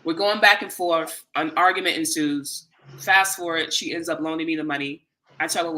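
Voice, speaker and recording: Speaking a little fast at medium pitch, a host recounts a lengthy personal story in an earnest, animated, conversational way, voicing the dialogue of the people involved.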